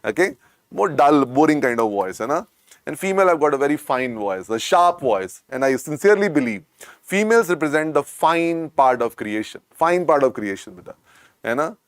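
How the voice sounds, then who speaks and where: Croaky-voiced Indian man lecturing. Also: on the high side, lively intonation, a little fast, dry recording, studio quality. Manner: repetitive, coaxing, calls students "beta". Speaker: medical lecturer. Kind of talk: online medical lecture.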